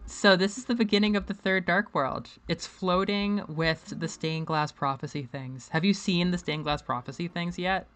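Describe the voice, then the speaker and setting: A woman's voice: lowish voice, normal speed, few pauses, a bit bright. A woman hosting a casual game stream, chatting animatedly and laughing often. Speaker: streamer host. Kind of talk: casual let's-play chat.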